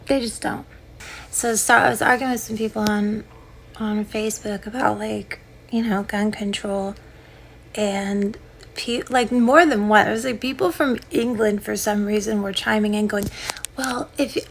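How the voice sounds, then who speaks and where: Sarcastic high-pitched woman ranting. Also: gravelly, fairly bright tone, a little hiss or hum. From United States. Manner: sarcastic, combative, talks straight at the listener. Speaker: podcast host and comedian. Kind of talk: ranting comedic monologue.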